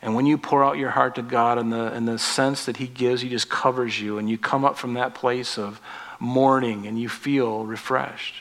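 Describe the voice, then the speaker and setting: A man in his forties preaching a sermon as pastor, rising in force on scripture and dropping soft on tender points. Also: mid-range voice, fairly even intonation, moderate pace. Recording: long reverb of a large hall.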